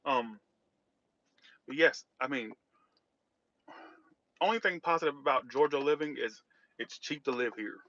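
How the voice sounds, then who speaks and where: Speaking at a measured pace with long pauses, this man has a mid-range voice that sounds pushed and bright, though the recording is muffled. He reads tarot and is livestreaming while driving, chatting loosely and responding to chat.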